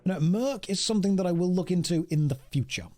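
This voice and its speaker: A man's voice: high-pitched, animated, quick pace, mellow, soft background music. Joking male game streamer. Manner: joking, reads chat aloud. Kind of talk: casual live-stream chat while gaming.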